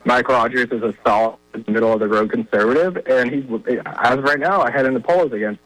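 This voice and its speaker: A man talks politics in an easy, emphatic way, leaning on plenty of "uh"s as he makes his points. His voice is bright and forward, and the recording is dry and close, with no room sound. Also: mid-range voice, fairly quick, no echo, poor audio. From Virginia. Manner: conversational, filler-heavy, emphatic. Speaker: guest commentator on a phone-in line. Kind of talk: political commentary.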